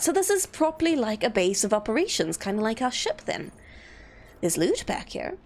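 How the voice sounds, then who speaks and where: Animated woman streamer. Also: on the high side, moderate pace, a little hiss or hum. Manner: chatty, animated, jokey reactions. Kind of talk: casual gameplay commentary.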